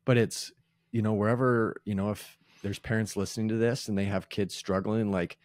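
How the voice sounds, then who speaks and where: Low-voiced guy hosting a podcast, earnest, kinda halting, dry sound. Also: fairly even intonation, a little mellow, dry recording. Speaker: podcast host. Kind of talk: casual interview chat.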